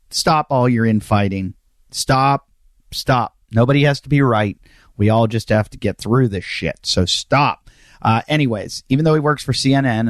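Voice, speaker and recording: A man's voice: mid-range voice, no room sound, studio quality. Joking, rambling podcast host man. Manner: joking, rambling, self-mocking. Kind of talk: casual comedic monologue.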